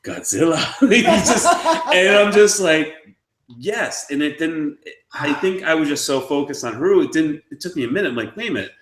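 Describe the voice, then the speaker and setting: A man's voice: a little high, normal speed. Guy rambling through a story on a live stream, laughs a lot, echoey room. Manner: excitable, rambling, laughs often. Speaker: podcast co-host.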